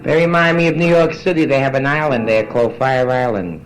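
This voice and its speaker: A woman's voice: a bass voice, fairly quick, a crowd in the background, low-quality recording. A middle-aged woman doing bawdy live stand-up in a nightclub, brassy and boozy, teasing the audience between jokes. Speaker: nightclub comedian. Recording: vintage live club record with band. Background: live band.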